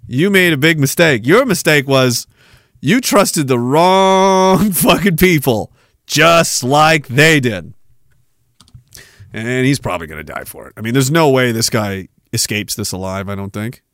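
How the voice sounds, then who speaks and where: A man's voice: mid-range voice, expressive, slow pace, pauses often, a bit bright, dry recording. Sarcastic ranting man, dry close sound. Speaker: podcast host. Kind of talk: political rant podcast.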